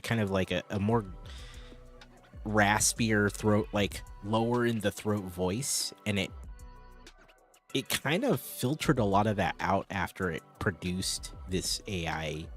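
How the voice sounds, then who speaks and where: Guy chatting with his stream, rambly, lowish voice, some quiet music behind. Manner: rambling, chatty, answering viewers' chat. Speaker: live streamer. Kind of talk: casual livestream chat.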